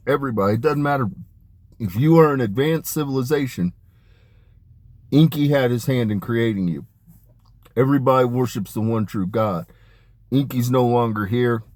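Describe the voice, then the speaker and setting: A man talking in a rambling, emphatic monologue about spiritual matters, dropping his voice low on asides. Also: darkish tone, no echo. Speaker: spiritual channeler. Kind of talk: casual spoken monologue.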